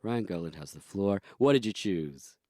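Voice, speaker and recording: A man's voice: sits low, animated, moderate pace, a little mellow, no room sound, clean studio sound. A man hosting a podcast movie draft in casual chat, wry and self-mocking. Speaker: podcast host.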